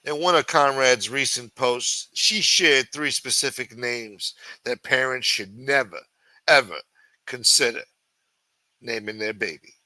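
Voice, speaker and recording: Man, talk show host, bright tense voice, dry close sound, profane sarcastic commentary on news articles. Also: mid-range voice, unhurried, no echo, rough recording.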